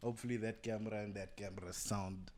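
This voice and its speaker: A man's voice: lowish voice, steady tone, fast talker, darkish tone. A young man from South Africa, a podcast guest in casual discussion, thinking aloud as he talks, recorded through a camera's built-in mic. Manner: thinks aloud, many fillers and restarts.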